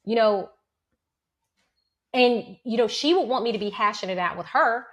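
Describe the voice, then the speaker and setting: Animated higher-voiced woman co-host. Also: normal speed. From single mother of several children. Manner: animated storyteller, acts out quotes. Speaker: podcast co-host. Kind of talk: casual chat.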